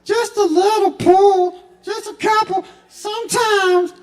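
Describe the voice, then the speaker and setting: A man doing a squeaky helium-voiced guy. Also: fairly even intonation, slow pace. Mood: whining. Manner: squeaky, rambling, pleading.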